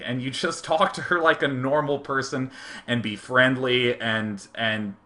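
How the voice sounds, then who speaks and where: A man telling funny stories as a show host, animated, laughing often and slipping into silly voices. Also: mid-range voice, a little fast. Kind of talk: casual comedic storytelling.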